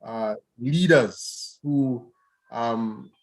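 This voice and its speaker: Pastor hosting a radio show, a man who speaks slowly with many pauses and fillers. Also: medium pitch. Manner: measured, hesitant, many fillers. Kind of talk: radio talk show discussion.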